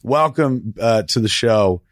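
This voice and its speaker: A man hosting a casual chat, telling stories in an excitable way and swearing freely. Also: lowish voice, takes it slowly, dry recording, clean studio sound. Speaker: podcast host.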